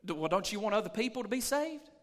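A pastor delivers a sermon to his church in a strikingly high, bright man's voice. He moves from plain talk into loud, hollered preaching. The sound carries the long reverb of a large sanctuary. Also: fast talker. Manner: preaching that builds from calm to shouting.

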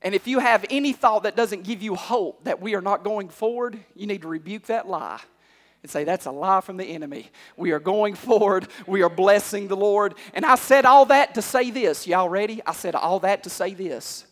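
A male pastor preaching a sermon, calling out to the congregation and climbing to shouts. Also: high voice, moderate pace. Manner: call-and-response preaching, rising to shouts. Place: church hall. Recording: long hall reverb.

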